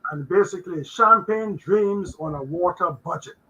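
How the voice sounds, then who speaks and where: An older man with a raspy voice, a guest accountant giving a faith-based finance talk on a video call, halting with many fillers and restarts. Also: high-pitched, pushed and bright, dull audio.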